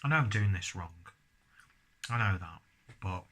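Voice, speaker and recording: A man with a husky, low-pitched voice reviews beer and food in a relaxed, chatty way. His tone is forceful and bright, and he often keeps talking between bites. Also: moderate pace. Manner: chatty, talks while chewing. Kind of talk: casual tasting review.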